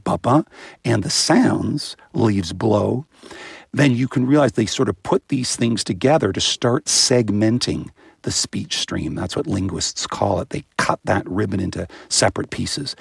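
A man, a guest author in an interview, explaining things in an animated way and imitating baby sounds as he goes. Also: fairly low pitch, gravelly, slightly rough, no room sound, studio quality.

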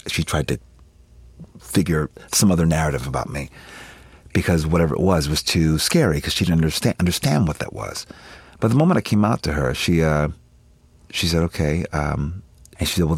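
A man's voice: rumbling low, husky, no room sound. A man in his fifties, a guest in an interview, candidly telling family stories and laughing often as he acts out relatives' voices. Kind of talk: candid personal storytelling.

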